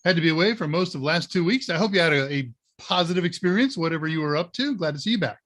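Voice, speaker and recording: Bright-voiced chatty man hosting a live stream. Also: fairly high pitch, lively intonation, quick pace. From Northern Ohio, USA. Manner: rambling anecdotal storyteller with many fillers. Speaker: live Q&A show host. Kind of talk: casual live-stream chat.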